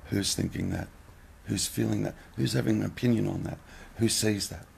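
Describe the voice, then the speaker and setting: Gravelly blunt-talking man. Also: lowish voice, fairly even intonation, moderate pace, a little hiss or hum. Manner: blunt, swears freely, questioning. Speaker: nonduality teacher. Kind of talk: casual spiritual talk.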